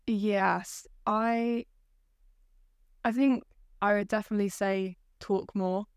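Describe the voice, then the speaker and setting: A young woman at university, speaking thoughtfully and haltingly in a casual podcast chat. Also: medium pitch, fairly even intonation, smooth, dry recording, clean studio sound. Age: young adult. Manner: halting, thoughtful, pauses mid-sentence. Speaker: university student guest.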